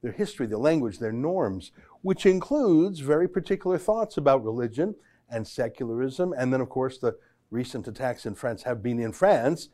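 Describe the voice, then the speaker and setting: A man's voice: medium pitch, mellow. A middle-aged man hosting a political commentary podcast, combative, sarcastic and emphatic. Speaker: host.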